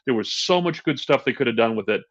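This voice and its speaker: A man co-hosting a podcast, chatting casually and ranting with exasperated, animated energy. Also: mid-range voice, fast. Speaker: podcast co-host. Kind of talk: casual chat. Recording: dull lo-fi sound.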